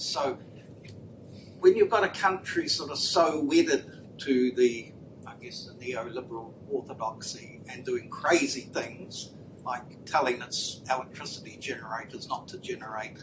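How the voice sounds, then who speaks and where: A man's voice: medium pitch, unhurried. A man in the audience, asking a long, rambling question at a lecture. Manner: discursive, builds a long question. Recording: distant audience mic with background noise.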